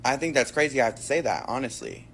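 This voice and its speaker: A man's voice: mid-range voice, huge pitch swings, fast, vocal fry, a bit bright, slight background noise. A man giving a sassy, slangy monologue to camera, brash and full of profanity. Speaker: social media commentator.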